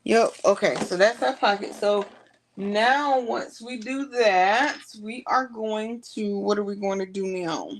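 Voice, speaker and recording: A woman's voice: medium pitch, unhurried. A woman, chatting casually to her viewers as she works through a sewing tutorial. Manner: chatty, talks to viewers while working. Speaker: sewing vlogger.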